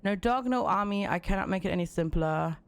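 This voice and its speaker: A woman voicing a gruff female warrior who hunts beasts, reading game dialogue aloud in a blunt, hard-bargaining way. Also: fairly low pitch, animated, moderate pace, darkish tone.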